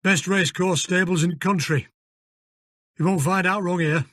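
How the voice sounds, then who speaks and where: A man voicing a gruff, defensive stables manager with a northern English accent, talking bluntly. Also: high-pitched, steady tone, normal speed, pushed and bright, no room sound, studio quality, pitched above the performer's own voice. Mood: proud. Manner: blunt, curt.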